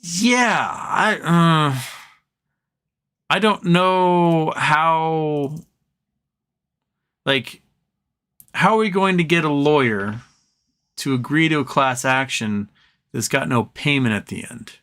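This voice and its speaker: A man's voice: a little high, takes it slowly, long pauses, fairly bright tone. A man hosting a live stream from home, chatting casually, answering viewer comments and trailing off into rambles.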